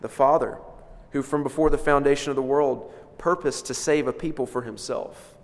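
A man preaching in a church, his voice sitting at an ordinary middle pitch. He leans on key words with sudden swells of loudness, then falls back almost to a murmur. A long hall reverb trails behind every phrase. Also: steady tone, moderate pace. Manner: emphatic, swells and drops in loudness for stress. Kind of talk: expository sermon.

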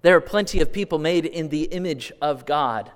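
A man from California preaching a sermon, asking the congregation questions and swinging between quiet asides and loud, drawn-out appeals. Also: a little high. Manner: asks the congregation direct questions. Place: church sanctuary. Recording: long hall reverb.

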